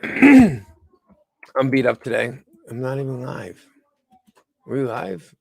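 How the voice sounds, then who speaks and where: A male host of a home live-stream news show, tired and a bit unwell, talking in halting bursts full of restarts. His voice sits at a mid pitch with a gravelly, creaky edge. The sound is dry and close, recorded on a computer mic. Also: very animated, darkish tone, no echo. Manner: halting, with many restarts and stumbles. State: tired and under the weather. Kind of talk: rambling live-stream chat.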